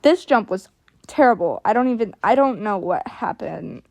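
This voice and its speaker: A woman's voice: medium pitch, lively intonation, normal speed, a little mellow, no room sound. A young woman giving casual, self-critical voice-over commentary on her riding videos, chatty and full of "like" fillers. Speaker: equestrian vlogger.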